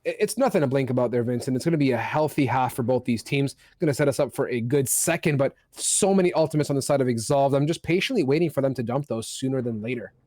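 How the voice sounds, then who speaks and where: A man doing live esports color commentary, steady and analytical with bursts of excitement on big plays. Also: mid-range voice, fast, hardly any pauses, dry recording, studio quality.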